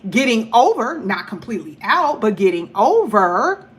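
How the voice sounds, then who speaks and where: A woman giving a casual tarot reading to camera, talking in a chatty, blunt way with animated asides. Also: a little high, moderate pace. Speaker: tarot reader.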